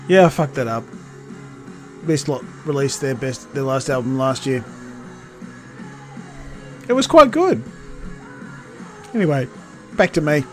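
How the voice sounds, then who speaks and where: Sardonic New man co-hosting a music podcast, profane and teasing. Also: mid-range voice. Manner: sweary, sardonic banter. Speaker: podcast co-host. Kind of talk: casual chat.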